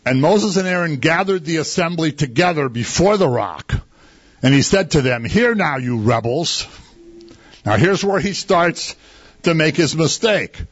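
A man's voice: a little high, expressive, moderate pace, muffled recording. A man preaching a sermon in a conversational way, asking his listeners rhetorical questions.

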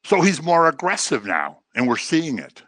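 A middle-aged man leads a relaxed Bible study, repeating phrases for emphasis and mocking others in a low imitation voice. His pitch swings hugely at a normal speed, the tone is slightly bright, and the recording is dry.

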